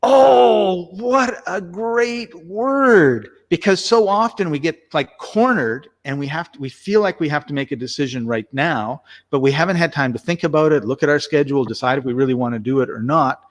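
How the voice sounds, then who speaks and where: A man's voice: medium pitch, fast, few pauses. A man chatting casually as co-host, telling a rambling story with lots of restarts. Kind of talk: casual conversational chat.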